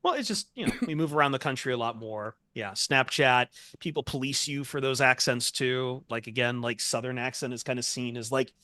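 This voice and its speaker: Bright-voiced wry podcast co-host, a man. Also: medium pitch, fairly quick, few pauses, no echo, studio quality. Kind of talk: casual podcast banter.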